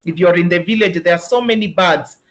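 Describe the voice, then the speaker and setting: A Kenyan-accented voice leads a teachers' webinar at a mid pitch. The delivery is patient and explanatory. Words are sounded out slowly, syllable by syllable, to show their rhythm. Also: dull audio. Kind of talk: instructional webinar talk.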